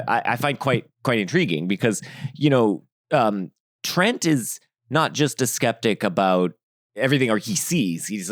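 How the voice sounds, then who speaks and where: A man co-hosting a film podcast, talking in a rambling, halting way with many restarts. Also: lowish voice, no room sound, studio quality. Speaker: podcast co-host. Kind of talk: casual film discussion.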